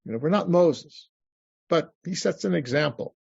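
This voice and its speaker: An older man, a rabbi, teaching a class over a video call, animated, acting out pleas to God with many restarts. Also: a little high, normal speed, gravelly, slightly rough, dry recording. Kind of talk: animated lecture. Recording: dull lo-fi video call audio.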